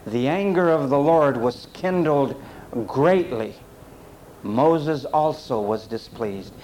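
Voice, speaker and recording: A man's voice: mid-range voice, animated, slow, darkish tone, a little hiss or hum, rough recording. A man preaching a sermon, speaking straight to his congregation in an emphatic, repetitive style. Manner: addresses the congregation directly.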